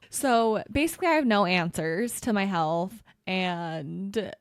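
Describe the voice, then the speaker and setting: A woman's voice: mid-range voice, normal speed, hardly any pauses, smooth, no echo, studio quality. A woman in her thirties co-hosting a podcast, opening up in a candid, emotional and self-deprecating way. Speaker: podcast co-host. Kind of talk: candid casual chat.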